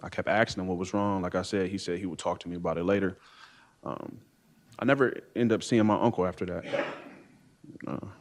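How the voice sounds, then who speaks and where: A man in his thirties giving halting courtroom testimony from the witness stand, full of fillers and uncertain pauses. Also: sits low, steady tone. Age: 30s. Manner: halting, hesitant, many fillers and "I don't know".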